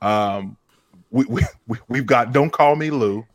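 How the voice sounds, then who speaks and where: A man's voice: medium pitch, measured pace, a little hiss or hum. A man hosting a podcast, hyped and playful, often stammering in casual chat. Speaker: podcast host.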